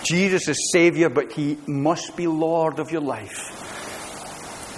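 A man's voice: on the high side, takes it slowly. A man pastor preaching an earnest, conversational sermon full of rhetorical questions, recorded in a church sanctuary. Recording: church hall reverb, faint room noise.

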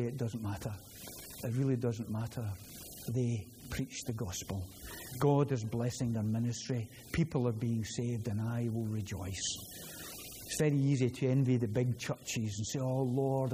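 A man with a Glaswegian Scottish accent preaching a sermon, earnest and prone to repeating words as he gets excited. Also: medium pitch, slight background noise. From Scotland. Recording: long hall reverb, faint ambience.

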